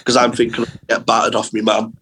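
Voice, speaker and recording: A young man, a comedian guest on a podcast, telling animated school anecdotes in casual chat with plenty of swearing. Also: medium pitch, fairly quick, breathy edge, poor audio.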